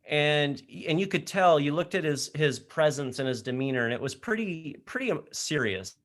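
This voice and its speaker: Man, energetic storyteller, animated, laughs often, online session, laptop mic. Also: on the high side, moderate pace. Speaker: leadership program speaker. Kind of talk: storytelling talk to high school students.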